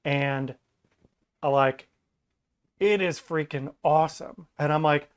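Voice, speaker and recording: Lively man ranting in casual chat. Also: a little high, takes it slowly, long pauses, clear, resonant tone. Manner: animated, acts out quoted lines in mocking voices. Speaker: podcast guest.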